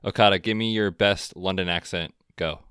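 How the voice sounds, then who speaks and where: A man co-hosting a podcast, chatting casually about football with a relaxed, chatty manner. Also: sits low, normal speed, smooth, no echo, studio quality. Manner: relaxed, chatty, frequent fillers. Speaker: podcast co-host. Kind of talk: casual sports chat.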